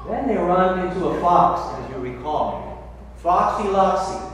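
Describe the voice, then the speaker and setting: High-voiced priest preaching in an echoey church. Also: male voice, lively intonation, distant mic, a little hiss or hum. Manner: storytelling, with restarts and emphatic slowing. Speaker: Catholic priest. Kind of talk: sermon.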